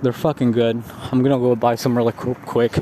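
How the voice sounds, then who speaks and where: A man's voice: medium pitch, level tone, brisk, mellow, a little hiss or hum. A man in a casual vlog, ranting about lazy coworkers with heavy swearing and frustrated storytelling. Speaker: vlogger.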